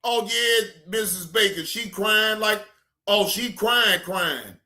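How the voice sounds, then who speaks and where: A man with a high, bright voice hosts a reaction stream. He talks in an unhurried way and scolds the people on screen with blunt, profane remarks. He often gets loud and animated. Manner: animated, shouting at times. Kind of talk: casual reaction commentary.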